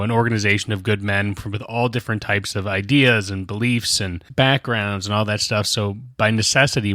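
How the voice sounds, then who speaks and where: A man co-hosting a podcast in casual chat, reflective and quick to laugh. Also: on the low side, a bit bright, no echo, clean studio sound. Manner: reflective, laughs easily, sometimes does voices. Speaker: podcast co-host.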